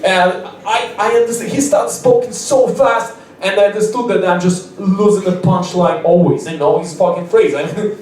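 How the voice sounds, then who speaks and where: Young stand-up, rambling and giggly, fairly high voice, very echoey room. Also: male voice, moderate pace, a little mellow, a little hiss or hum. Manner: rambling, laughing often, frequent restarts. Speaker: stand-up comedian. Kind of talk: stand-up comedy storytelling. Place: open mic club. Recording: echoey room, mic far off.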